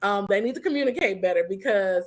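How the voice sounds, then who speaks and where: A woman's voice: mid-range voice, animated, fast talker. A woman co-hosting a casual recap chat, easygoing and agreeable, laughing often. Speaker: podcast co-host.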